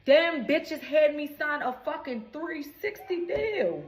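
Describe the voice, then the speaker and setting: A woman's voice: high voice, very animated, slow, reverberant. A woman in her twenties, a recording artist, telling a storytime rant in an indignant, profane, emphatic way.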